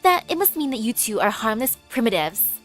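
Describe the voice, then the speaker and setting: A haughty would-be ruler of the planet from a game, as a woman reads her part, high-pitched and grandly pompous. The delivery stays close to the reader's own voice, with faint music under it. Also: big pitch swings, a little fast, a bit bright. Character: haughty self-styled alien ruler, young woman. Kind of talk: reading game dialogue aloud.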